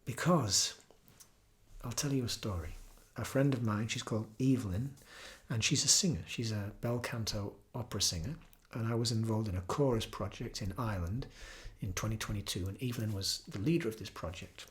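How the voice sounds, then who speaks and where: A man, a yoga teacher, giving an earnest, reflective talk with gentle storytelling. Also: fairly low pitch, brisk. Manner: earnest, storytelling, breaks into soft singing.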